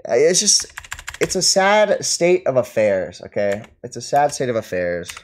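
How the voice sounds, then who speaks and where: A man's voice: mid-range voice, very animated, measured pace, a little hiss or hum. A man ranting at his live stream chat, mocking and taunting his target and laughing at them. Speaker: streamer reading and answering chat.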